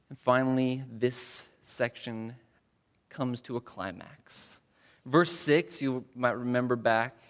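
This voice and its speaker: A man preaching a sermon, dropping to near whispers and rising to loud, proclaiming crescendos. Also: medium pitch. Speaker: pastor.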